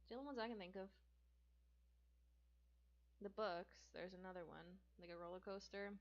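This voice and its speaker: Chatty young woman reading aloud. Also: on the low side. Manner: chatty, jokey, stumbles and self-corrects. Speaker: gaming streamer reading a book aloud. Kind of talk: casual read-aloud with asides. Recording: dull lo-fi recording.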